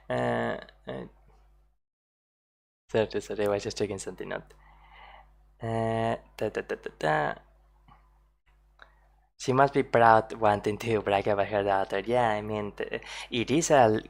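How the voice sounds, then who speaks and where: A woman's voice: rumbling low, vocal fry. A woman streaming her reactions to video clips, chatting casually with frequent laughs and fillers.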